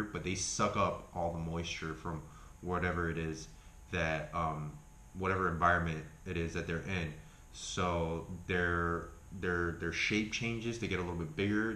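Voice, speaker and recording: Casual male vlogger, Argentine accent, very low voice, loose and profane, echoey room with faint hiss. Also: a bit bright. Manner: rambling, swears freely, self-correcting. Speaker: health food vlogger. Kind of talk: casual chat review.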